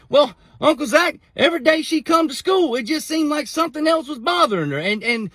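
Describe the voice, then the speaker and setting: Man voicing an earnest young boy, matter-of-fact and high. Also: sharp tone, no room sound, studio quality, heavily acted.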